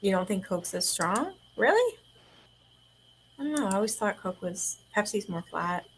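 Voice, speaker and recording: A woman's voice: mid-range voice, sing-song, moderate pace, slight background noise, rough recording. Woman, young adult, casual livestream host, chatty, laughs a lot.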